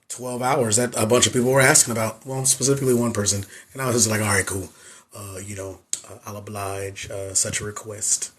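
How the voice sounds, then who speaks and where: A hoarse young man, a nurse and exam coach, chatting loosely on his livestream into a phone and repeating his greetings. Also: medium pitch. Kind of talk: casual livestream chat.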